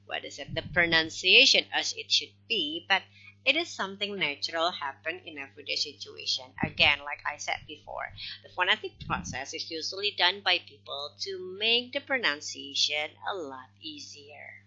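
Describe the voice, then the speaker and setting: A woman teaching a phonology lesson in a recorded lecture. She explains slowly and step by step, with non-native English grammar, and checks in often with "okay". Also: sits low, lively intonation, vocal fry, pushed and bright, slightly rough. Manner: slow explanatory, frequent "okay" check-ins. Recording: dull lo-fi recording.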